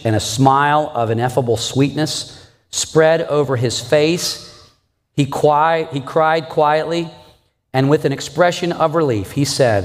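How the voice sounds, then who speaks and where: Pastor preaching earnestly in a church, mid-pitched voice, long hall reverb. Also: male voice. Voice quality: earnest, asks the congregation rhetorical questions. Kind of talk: sermon.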